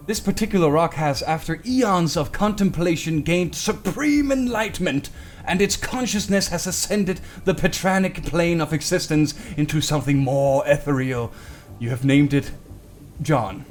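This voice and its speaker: Soft background music plays while a young streamer reads game item texts aloud, adding joking asides in his live playthrough commentary. His pitch is fairly high and he talks a little slowly.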